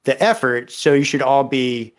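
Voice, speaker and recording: A man's voice: mid-range voice, expressive, normal speed. Man telling a story on a podcast. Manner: easygoing, tells anecdotes. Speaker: podcast co-host.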